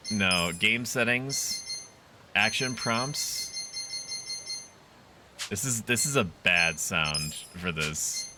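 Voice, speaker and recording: A man's voice: lowish voice, very noisy. A man streaming a video game, chatting casually, laughing often and swearing freely as he plays. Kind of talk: casual live gameplay commentary.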